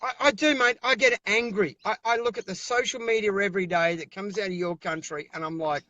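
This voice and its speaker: A man's voice: high-pitched, fairly even intonation, fairly quick, sharp tone, no room sound, highs cut off. An Australian man speaking over a video call as an interview guest, giving fiery, emphatic political talk and repeating himself when worked up.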